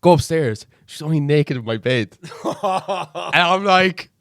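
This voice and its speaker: Young guy rattling off a filthy story, kinda high voice, dry close sound. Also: takes it slowly, no echo. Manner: swearing, animated anecdote-telling. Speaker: podcast guest. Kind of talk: casual chat, storytelling.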